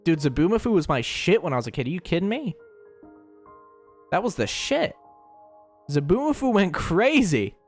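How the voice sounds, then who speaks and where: A man's voice: sits high, sing-song, moderate pace, pauses often, soft background music. A young man streamer in casual chat, rambling and joking, often stumbling and repeating words.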